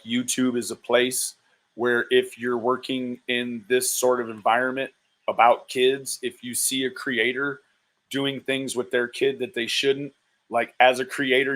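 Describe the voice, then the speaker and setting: An exasperated man doing live-stream commentary. He swears often and drags out his disbelieving exclamations. His pitch sits in the middle range for a man. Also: a bit bright.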